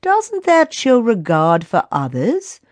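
A woman voicing a gentle, hopeful council elder who speaks earnestly. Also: a little high, wildly swooping pitch, slow, dry recording, voice pushed up, full character voice.

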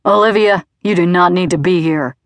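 Brief: a woman playing a volatile male crime boss, shouting and menacing, audiobook, very dry sound. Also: medium pitch, moderate pace, no room sound, close to an everyday voice. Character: furious male crime boss father with a gun.

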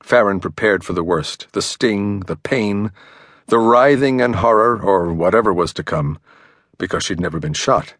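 A man narrating a thriller audiobook with a dramatic, expressive reading. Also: fairly low pitch, normal speed, dry recording. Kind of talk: scripted narration. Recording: dry studio recording.

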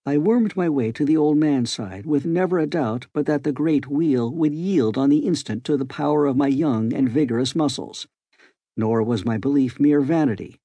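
A man narrating an audiobook in a measured, formal storytelling manner. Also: medium pitch, mellow, no echo. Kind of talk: scripted narration.

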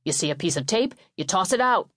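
A woman's voice: fairly low pitch, animated, fairly quick, a bit bright, no echo, studio quality. A woman voicing a weary middle-aged football coach father who sighs and lectures his kids in exasperation. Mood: lecturing.

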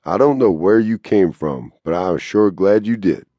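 A man with a deep, husky voice playing a shaken cowboy who speaks with a quaver in a western audiobook. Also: lively intonation, unhurried, no echo, muffled recording. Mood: relieved. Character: shaken, grateful young male cowboy.

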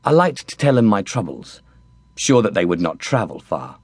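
Cheeky, lively male audiobook narrator. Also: fairly low pitch, normal speed, husky, no echo. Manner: cheeky, mocking wit. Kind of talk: first-person audiobook narration, comic.

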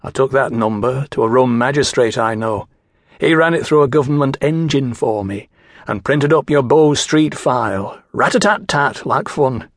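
A man voicing a smooth, cold gentleman from Manchester with a Mancunian accent, slow and superior in manner. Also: mid-range voice, no room sound, studio quality, close to an everyday voice. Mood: smug.

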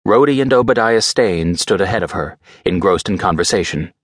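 A man narrating an audiobook in a steady, measured way. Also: low voice, no echo, studio quality. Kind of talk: scripted narration.

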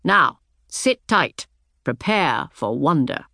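A brisk, terse old Englishman with an English accent, white-haired and weathered, the kind of boatman who never explains himself, as a woman reading an audiobook puts him on. He snaps out short commands in a low, clipped voice, recorded close and dry. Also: big pitch swings, gravelly, bright, forceful tone, no room sound, full character voice.

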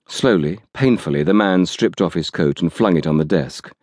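A man reading an audiobook thriller aloud in a measured, dramatic storytelling manner. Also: low voice, darkish tone, no room sound, studio quality. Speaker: audiobook narrator. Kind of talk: scripted narration.

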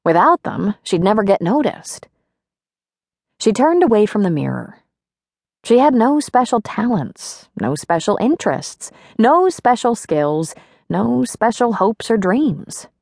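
A woman narrating an audiobook in an expressive, wry storytelling manner. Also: medium pitch, unhurried, creaky, no echo, studio quality. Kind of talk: scripted narration.

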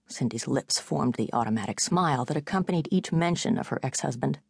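A woman narrating an audiobook novel in a measured, even storytelling manner. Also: extremely low pitch, creaky, breathy edge, dry recording, clean studio sound. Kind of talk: scripted narration.

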